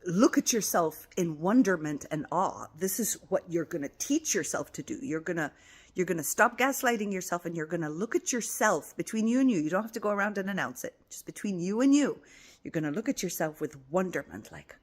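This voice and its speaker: A woman with a lowish voice gives a gentle spiritual self-help talk. She speaks tenderly, repeats affirming phrases and often sinks to a near whisper. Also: big pitch swings, moderate pace, husky. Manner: soft and tender, slipping into whispers. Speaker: spiritual teacher.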